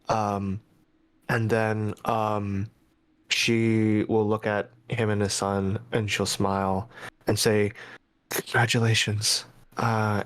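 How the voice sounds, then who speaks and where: Slow, lowish-voiced young man playing a game. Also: clear, resonant tone, no echo. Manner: hesitant, filler-heavy, speaking his character's lines. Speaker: player. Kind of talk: in-character tabletop play.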